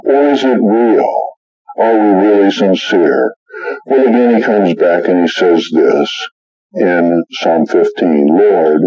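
A man's voice: low-pitched, slow, no room sound, muffled recording. A middle-aged man preaching a sermon, telling stories and acting out the voices in them. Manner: animated storytelling, acts out quoted voices. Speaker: pastor.

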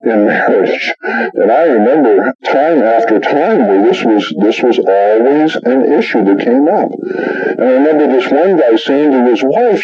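Animated male preacher, lively pitch. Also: unhurried, muffled recording. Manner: animated storytelling, acts out quoted voices. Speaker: pastor. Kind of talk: sermon.

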